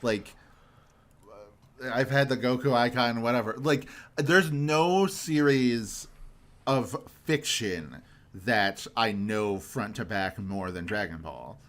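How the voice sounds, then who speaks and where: A man's voice: mid-range voice, takes it slowly, a bit bright. A young man hosting a podcast in casual chat, ranting animatedly and swearing for emphasis. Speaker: podcast host.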